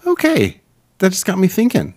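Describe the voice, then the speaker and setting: A man's voice: high voice, huge pitch swings, normal speed, a little mellow, dry recording. A man co-hosting a podcast in casual chat, laughing often and restarting his sentences. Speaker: podcast co-host.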